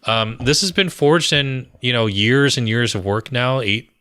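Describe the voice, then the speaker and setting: A man, a guest on a podcast, telling stories in a lively way with many "you know"s and "um"s. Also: medium pitch, unhurried, smooth, no echo, studio quality. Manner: animated storyteller, fillers like "you know" and "um". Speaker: guest, brand strategist and author. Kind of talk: podcast interview storytelling.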